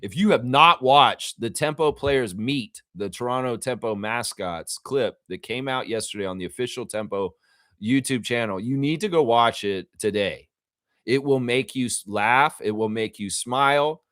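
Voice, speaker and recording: A man's voice: mid-range voice, normal speed, no echo, clean studio sound. A man hosting a live fan reaction stream, talking casually and animatedly and acting out quotes, with the odd swear word. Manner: animated, chatty, acts out quotes. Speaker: fan channel host.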